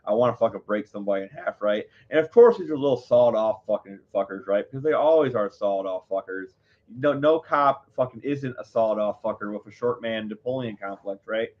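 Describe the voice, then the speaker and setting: Talking a little fast in a fairly low voice, this live-show host rambles through a casual story for his viewers, getting heated and swearing. The audio is muffled, dull, and lo-fi.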